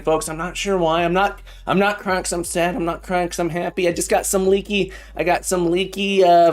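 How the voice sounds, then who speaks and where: A middle-aged man hosting a casual live coding stream as a programming teacher, playful and punning, often repeating his phrases. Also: on the high side. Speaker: livestream host and programming teacher. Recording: faint background music.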